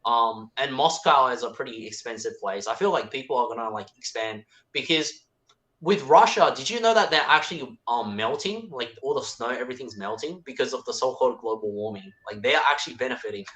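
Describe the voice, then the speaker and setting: Male caller from China, bright tone, filler-heavy rapid chatter. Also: medium pitch, expressive. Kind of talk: casual chat.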